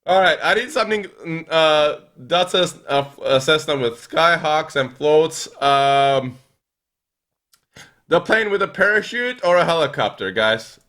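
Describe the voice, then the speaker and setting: A young man live-streaming a game in a bright, forceful, fairly high voice. He talks slowly, stops often to read his viewers' messages, and muddles through menus out loud with plenty of uhs before bursting into loud excitement. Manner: reads and answers viewer chat while playing; thinks aloud with many fillers, bursts into excited yells. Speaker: gaming streamer. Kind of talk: live gameplay commentary.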